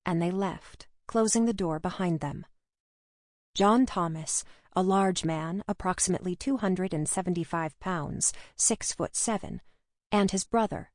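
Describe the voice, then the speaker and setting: Woman reading a crime audiobook, steady even delivery, lowish voice, dry close sound. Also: no room sound. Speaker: audiobook narrator. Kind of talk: scripted narration.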